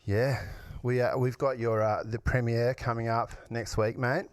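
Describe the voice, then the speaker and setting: Excitable matey Australian podcast host. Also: male voice, mid-range voice, unhurried, clear, resonant tone, dry recording. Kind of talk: casual interview chat.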